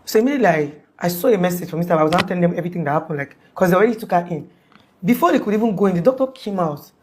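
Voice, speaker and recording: Fast-talking Nigerian woman telling a story. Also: fairly low pitch, a little hiss or hum. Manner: animated, acts out quoted speech, many restarts. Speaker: guest recounting an event. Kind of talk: conversational storytelling.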